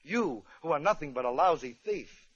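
A man's voice: fairly high pitch, expressive, normal speed, lo-fi sound, very noisy, close to an everyday voice. A man voicing a haughty, prim young English noblewoman in a comic radio operetta. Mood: indignant.

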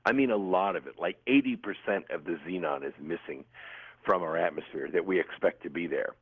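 A man's voice: low voice, brisk, husky. A man calling in as a radio guest, explaining things with enthusiasm and the odd filler word. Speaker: guest on a phone line. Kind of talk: radio interview by phone. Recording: tinny phone line.

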